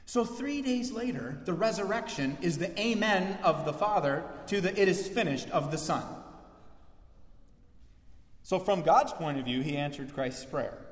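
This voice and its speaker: Man, pastor preaching a sermon, fairly high voice, long church reverb. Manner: animated, acts out quoted voices. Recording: echoey church hall.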